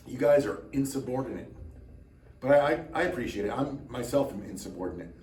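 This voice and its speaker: A man's voice: medium pitch, expressive, fairly quick, a little mellow, roomy sound, distant mic, slight background noise. A tired man hosting his own channel, chatting casually to camera with rambling, self-mocking dry jokes. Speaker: drummer and channel host.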